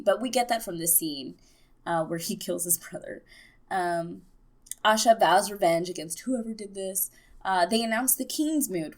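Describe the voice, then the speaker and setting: A young woman giving a casual, excitable TV episode recap, full of fillers. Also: mid-range voice. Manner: chatty and excitable, many fillers. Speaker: TV recap vlogger.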